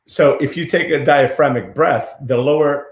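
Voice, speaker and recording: A man's voice: fairly high pitch, normal speed. A man hosting a talk show, speaking in a chatty, enthusiastic way with hedging asides. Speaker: podcast host. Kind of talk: casual conversational chat. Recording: roomy echo.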